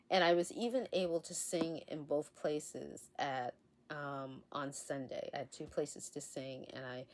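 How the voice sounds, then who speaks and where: A woman talks to her camera in a loose, rambling vlog manner, often restarting her sentences. Her voice is hoarse as she recovers from illness, and it sits low. She speaks slowly. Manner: chatty, rambling with restarts and soft laughs. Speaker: essential oils channel host. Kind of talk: casual talk to camera. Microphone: facing a camera.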